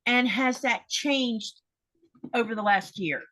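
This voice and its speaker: A woman's voice: fairly high pitch, slow. Conversational woman host asking questions. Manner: conversational, relaxed, asks questions. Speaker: podcast host. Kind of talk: interview questions.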